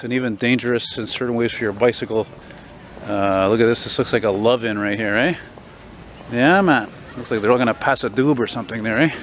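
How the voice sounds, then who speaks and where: An older man vlogging as he walks a city street, rambling and opinionated, a self-described loudmouth. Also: medium pitch. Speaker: walking vlogger. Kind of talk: casual walking commentary. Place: city street outdoors, walking. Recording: street noise behind.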